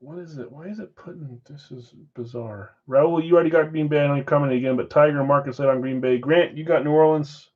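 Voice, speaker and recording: A man hosting a live-stream card break, briskly calling out names and assignments with chatty asides in between. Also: a little high, narrow, tinny audio. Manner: brisk name-and-team roll call with chatty asides. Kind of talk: casual live-stream roll call.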